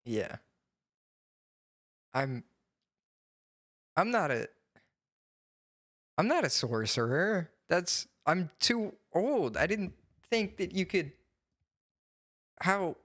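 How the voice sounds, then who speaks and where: A man's voice: high voice, very animated, drawn-out words, long pauses, fairly bright tone. Hesitant, stammering man playing a role-play game. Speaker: player.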